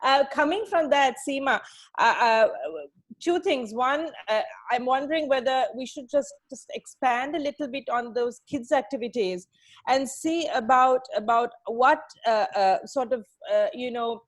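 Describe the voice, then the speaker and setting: Sri woman host, slightly higher voice, chatty and halting on a video call. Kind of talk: casual chat on a video call.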